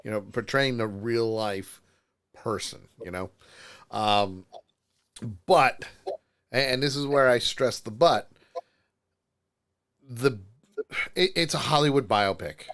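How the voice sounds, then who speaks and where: A man's voice: medium pitch, a little slow, long pauses, a bit bright. A man hosting a live call-in podcast, chatting casually, laughing often and stumbling over restarts. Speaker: podcast host.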